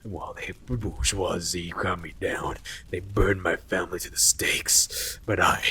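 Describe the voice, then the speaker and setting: A man voicing a self-righteous, self-hating male plant man in a tabletop game, grandiose and slow with whispered stretches. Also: low-pitched, steady tone, bright, forceful tone, slightly rough, pitched below the performer's own voice, exaggerated voice. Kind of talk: improvised tabletop character voice.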